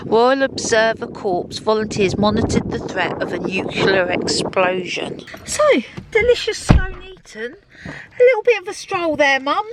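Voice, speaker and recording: A woman's voice: fairly high pitch, sing-song, unhurried, heavy background noise. A middle-aged woman narrating a casual vlog to camera in a chatty, upbeat way. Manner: chatty and upbeat, with frequent laughs. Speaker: vlogger.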